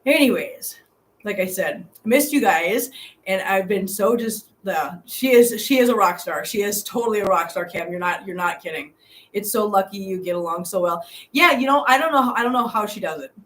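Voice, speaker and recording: Streaming live from a hotel room, a middle-aged woman chats in a medium-pitched, fairly bright voice with lively intonation and a moderate pace. She rambles, says things more than once, and reads comments from viewers.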